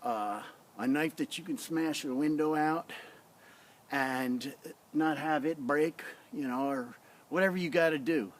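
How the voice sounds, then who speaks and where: A man's voice: fairly high pitch, a little slow. A man casually reviewing a survival knife in his yard, talking in a rambling, blunt way into a tablet camera on a tripod. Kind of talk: casual outdoor demo vlog. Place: outdoors in a front yard.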